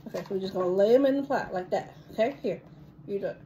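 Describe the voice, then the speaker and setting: A woman's voice: mid-range voice, racing, mellow, slight background noise. A woman cooking at home with her young son, coaxing and encouraging him in a playful, giggly way for a casual cooking vlog.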